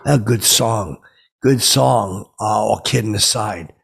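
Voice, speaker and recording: A man's voice: fairly low pitch, slow, a bit bright, heavily acted. A man playing a brash, tipsy middle-aged podcast host who rambles and stammers through a comic story. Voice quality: gravelly, raspy. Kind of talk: comedic character monologue.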